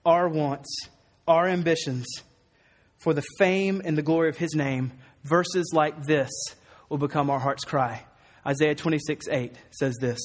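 A man's voice: fairly high pitch, long reverb tail. A man preaching a sermon, earnest and emphatic, with some wry asides. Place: church hall.

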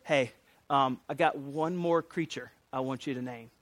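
A man's voice: medium pitch, normal speed, fairly bright tone, no echo, voice pushed down, close to an everyday voice. A man voicing God as a casual, chummy fellow with a laid-back, joking manner.

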